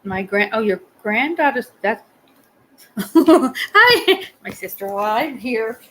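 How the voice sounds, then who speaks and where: A woman's voice: on the high side, sing-song, takes it slowly, a bit bright, low-quality recording. A woman hosting a live stream, chatting casually with viewers in a rambling way and laughing often. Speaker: livestream host.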